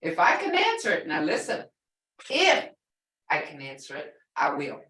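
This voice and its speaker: A woman's voice: lowish voice, wildly swooping pitch, moderate pace, sharp tone, echoey room, distant mic, slight background noise, low-quality recording. An older woman teaching a language class, chatty and storytelling, repeating words for emphasis.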